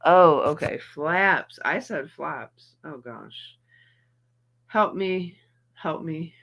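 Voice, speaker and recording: A woman's voice: sits low, lively intonation, extremely slow, creaky, fairly bright tone. A middle-aged woman hosting a livestream, chatting casually and greeting her viewers by name while in some pain and feeling a little off. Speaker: livestream host reacting to videos.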